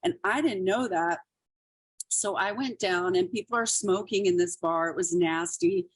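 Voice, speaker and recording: A woman's voice: on the low side, moderate pace, breathy edge, no room sound. A woman comedian and actress, telling stories as a podcast guest in a chatty way full of fillers. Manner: chatty, many fillers like "like" and "you know". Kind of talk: casual storytelling.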